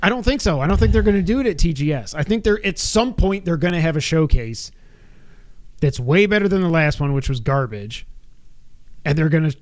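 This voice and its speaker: A man co-hosting a casual gaming podcast. His voice sits a little on the high side, and he runs through news items, then tacks on wry, opinionated remarks. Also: expressive, a little fast, a little mellow. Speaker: podcast co-host.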